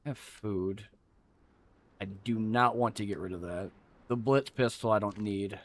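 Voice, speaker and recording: A man's voice: on the low side, unhurried. A man streaming a game, chatting casually to himself with loose, profane asides and rambling stories full of restarts. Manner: loose and profane, mutters to himself while playing. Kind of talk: casual gameplay commentary.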